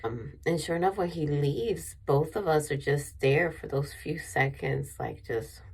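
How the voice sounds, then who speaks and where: A woman's voice: low voice, a little slow, a little mellow, slightly rough. A woman vlogger telling a personal story in a rambling way with many restarts, emotional and near tears.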